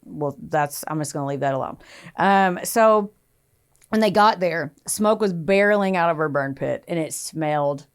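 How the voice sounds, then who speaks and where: A woman's voice: deep voice, moderate pace, clear, resonant tone. A young adult woman co-hosting a podcast, telling a true crime story in casual chat, acting out quotes in raised voices and swearing freely.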